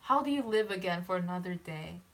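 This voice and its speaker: A woman's voice: lowish voice, animated, fairly quick. Encouraging woman guest on a live stream. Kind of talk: casual live stream chat.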